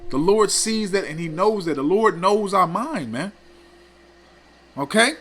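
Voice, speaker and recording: Scolding high-voiced male preacher. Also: expressive, measured pace, a bit bright. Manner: preachy, scolding, repeats "man" and "okay". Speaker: teacher of a religious group. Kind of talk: scripture teaching.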